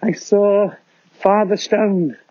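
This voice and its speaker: A man putting on the voice of an excited small child calling to a parent, pitched well above his own. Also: slow pace, dry recording, lo-fi sound.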